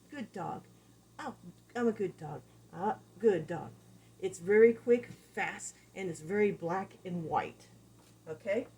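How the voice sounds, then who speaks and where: A woman dog trainer giving a casual lesson, animated and repeating key phrases as she acts out examples. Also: medium pitch, slight background noise. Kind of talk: casual teaching talk.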